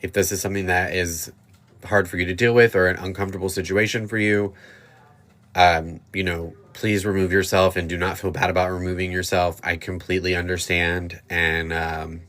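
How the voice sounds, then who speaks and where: A man hosting a livestream who reacts to a video and speaks gently and directly to his viewers. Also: deep voice, little pitch movement, moderate pace. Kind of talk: casual livestream commentary.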